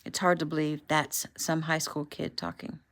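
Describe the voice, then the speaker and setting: A woman voicing a calm male federal agent who talks in a matter-of-fact way. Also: deep voice, moderate pace. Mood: steady.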